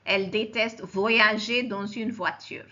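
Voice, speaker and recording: A woman lectures as a French teacher, speaking slowly and patiently. She repeats each form and keeps checking that her students follow. Her voice is bright and the recording sounds muffled and lo-fi. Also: medium pitch, steady tone. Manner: slow and explanatory, repeats forms and checks understanding. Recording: dull lo-fi recording.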